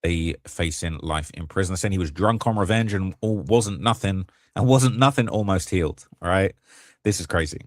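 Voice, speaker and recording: A man's voice: low voice, moderate pace, dry recording, clean studio sound. A man co-hosting a podcast in casual chat, reading out messages with rambling, hedging asides. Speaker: podcast co-host.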